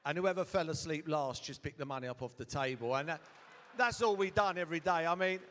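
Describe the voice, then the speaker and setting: Rambling middle-aged storyteller in a hall. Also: male voice, on the high side, fairly quick, a bit bright, slight background noise. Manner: rambling, swearing, comic asides. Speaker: guest storyteller. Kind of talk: comic anecdote on stage. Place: hotel ballroom stage. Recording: hall reverb at a live event.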